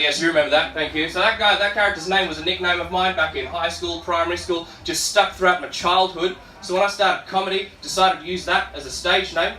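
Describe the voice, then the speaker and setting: A man's voice: high-pitched, bright, forceful tone. A young Australian man in his twenties doing a brash, sweary stand-up set with laughing asides. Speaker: stand-up comedian. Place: comedy club stage. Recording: echoey club from far off.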